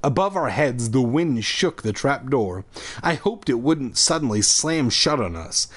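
A man's voice: medium pitch, expressive, measured pace, fairly bright tone. A man hosting a podcast, reading a spooky children's book aloud with irreverent, profane comic asides.

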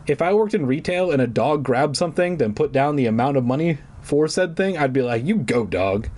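A man's voice: a little high, lively intonation, brisk, darkish tone. A man reading a children's story aloud with irreverent, joking asides. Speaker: reader.

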